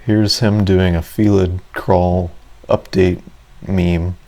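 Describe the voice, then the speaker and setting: A man's voice: low voice, little pitch movement, slow, warm tone. A man giving casual, rambling commentary over his own gameplay, self-deprecating and full of fillers. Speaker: gaming video creator.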